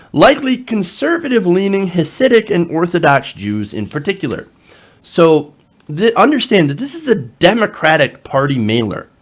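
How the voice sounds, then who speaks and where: Male commentary host, higher-pitched and animated, reads news and adds sarcastic remarks. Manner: animated, sarcastic asides, frequent fillers. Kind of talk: reading an article aloud with running commentary.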